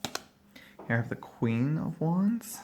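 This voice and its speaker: A man's voice, fairly high and dark-toned with big pitch swings, moves slowly as he casually works through a tarot deck at home. He rambles, thinks aloud, uses many fillers and laughs briefly, while a dog barks nearby and a little hiss or hum sits under the audio.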